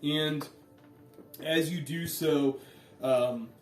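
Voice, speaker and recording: A man running a tabletop game as game master, narrating in a relaxed way with many fillers. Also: a little high, extremely slow, faint music behind. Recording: echoey room, voice from far off.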